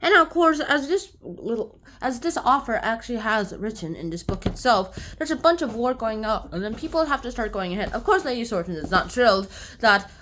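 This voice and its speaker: A woman's voice: lively intonation, brisk, a bit bright, a little hiss or hum. A woman casually summarizing a book aloud, rambling with many "like"s and restarts, and sometimes acting out the characters' lines. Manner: acts out characters' lines with big jumps in pitch.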